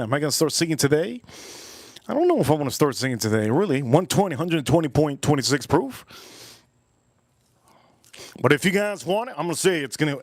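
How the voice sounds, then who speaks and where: A man's voice: medium pitch, very animated, a little fast, long pauses, no room sound. Rambling, playful man on a livestream. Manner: rambling and playful, repeating catchphrases like "yes, yes". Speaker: livestream host. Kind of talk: casual livestream chat while cooking and tasting whiskey.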